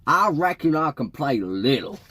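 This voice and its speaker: A man voicing a lanky young prankster who hams it up loudly in a fake Southern accent. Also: fairly high pitch, very animated, moderate pace, slightly rough, no room sound, voice pushed up, exaggerated voice. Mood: drawling.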